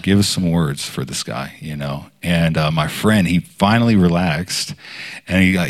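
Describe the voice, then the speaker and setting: A man preaching informally, telling a personal story in a casual, rambling way with many fillers, his voice jumping up when he quotes others. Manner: animated when quoting others, voice jumping high.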